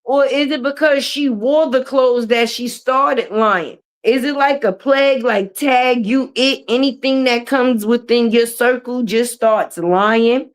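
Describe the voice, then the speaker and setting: High-voiced woman ranting on a live stream. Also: unhurried, hardly any pauses. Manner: profane, mocking, switches into jeering put-on voices. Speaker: commentary streamer.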